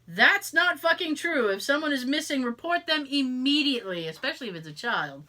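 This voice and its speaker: A woman's voice: high voice, very animated, unhurried, long pauses, bright, forceful tone. A woman with a Boston accent co-hosting a podcast in casual chat, swearing freely, laughing a lot and putting on mock voices. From Boston area. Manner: profane, laughs often, mock voices in quotes. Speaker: podcast co-host.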